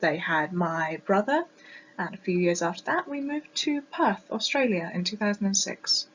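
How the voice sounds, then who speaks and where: Woman, 20s, RP and East Neuk Scottish accent, class presentation, halting with ums, muffled recording. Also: medium pitch, animated, a little hiss or hum. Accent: mix of RP English and East Neuk Scottish. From Scotland. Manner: explanatory, with frequent ums and uhs. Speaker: student presenter.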